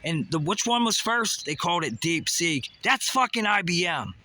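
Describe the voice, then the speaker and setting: A man's voice: high-pitched, very animated, moderate pace, pushed and bright, no room sound. A man ranting to camera in a heated way, swearing often and firing off rhetorical questions. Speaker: vlogger. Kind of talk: profane conspiracy rant to camera.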